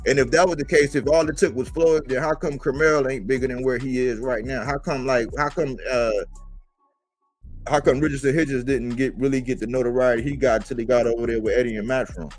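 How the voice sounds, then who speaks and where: Male boxing podcast host, emphatic and animated, mid-pitched voice, faint music underneath. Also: a little fast. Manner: animated, emphatic, rhetorical questions. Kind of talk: casual boxing commentary.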